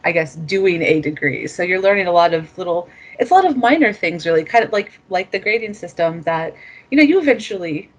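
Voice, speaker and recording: A woman from the United States, a former master's student, talking in a casual interview in a reflective way, with fillers and soft laughs. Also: lowish voice, expressive, brisk.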